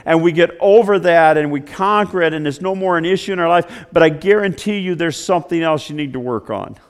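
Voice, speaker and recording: A male pastor preaching a sermon, swinging from loud declarations to hushed, slow storytelling. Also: fairly high pitch.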